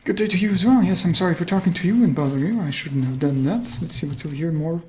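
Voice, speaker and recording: A woman's voice: on the low side, lively intonation, fast talker, mellow, a little hiss or hum. A woman giving casual, chatty gameplay commentary, thinking aloud and laughing often. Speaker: let's play host.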